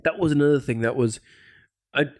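Man, casual film talk, hesitant, lots of ums, dry room sound, mid pitch. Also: a little fast, no echo. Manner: relaxed, hesitant, many fillers.

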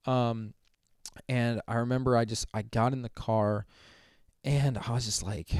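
A young man, a youth minister, telling a story in a casual interview, animated and full of "like" fillers, acting out quotes. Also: medium pitch, a little slow, pauses often, smooth, no room sound, studio quality. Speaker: youth minister and podcast guest.

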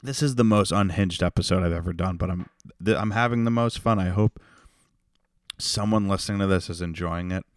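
A young man hosting a solo comedy podcast, ranting in an unhinged way that swings from creepy whispers to loud outbursts. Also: low-pitched, a little fast, clean tone, no room sound, clean studio sound. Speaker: podcast host.

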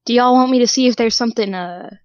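A woman playing in a casual tabletop game, talking briskly and wryly. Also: fairly high pitch, dry recording. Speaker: player. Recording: dull, dry lo-fi mic.

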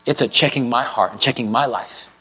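Male pastor, sermon, expressive preaching, loud then hushed, church congregation. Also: mid-range voice, a little fast, husky, poor audio. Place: church sanctuary with live and online congregation.

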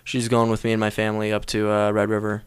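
A man's voice: on the low side, quick pace, smooth, dry recording. A man who does stand-up comedy, talking casually and dropping into impressions. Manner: animated, breaks into character voices. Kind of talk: casual chat.

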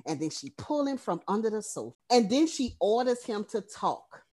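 A woman's voice: fairly high pitch, big pitch swings, moderate pace, warm tone. A woman co-hosting a podcast, recapping a horror film in casual, profane storytelling. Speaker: podcast co-host.

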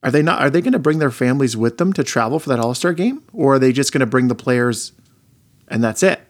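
A man's voice: medium pitch, animated, quick pace. A man co-hosting a casual sports podcast, talkative and opinionated, leading the conversation. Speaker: podcast co-host.

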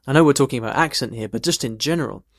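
A man's voice: medium pitch, very fast, no echo. Man explaining in a dry voice. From United Kingdom. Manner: thoughtful, conversational, tells personal stories. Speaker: English teacher. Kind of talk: casual explanatory talk answering a question.

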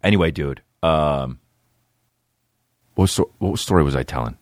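A man hosting a comedy podcast, telling crude stories full of swearing and breaking into squeaky character voices. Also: quick pace, dry recording, clean studio sound. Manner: profane, animated, jumps into high-pitched character voices. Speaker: podcast host.

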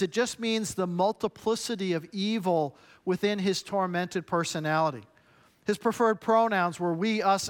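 Male pastor, higher voice, punchy emphatic sermon delivery. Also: a bit bright. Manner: emphatic, punchy preaching with short repeated phrases.

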